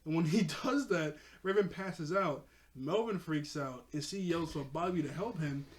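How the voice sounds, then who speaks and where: Male reviewer, slightly higher voice, loose excitable episode recap with frequent laughs. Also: normal speed. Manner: excitable, laughs often, talks to the viewer. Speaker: cartoon reviewer.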